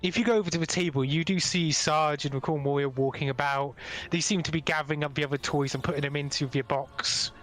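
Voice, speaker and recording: A man running a tabletop game, his narration loose and chatty, pitched a little high. Soft music sits in the background. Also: fairly even intonation, fast. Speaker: game master.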